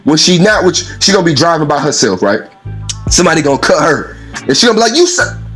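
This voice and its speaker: A man talking casually and at length, telling everyday stories in an animated way, acting out other people's voices and laughing often. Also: on the high side, quick pace, breathy edge, soft background music. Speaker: speaker in a played clip. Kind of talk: casual storytelling monologue.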